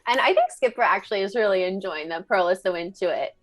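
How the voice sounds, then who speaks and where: A woman playing a tabletop game, narrating her character's actions briskly. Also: mid-range voice, expressive, faint music behind. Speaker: player.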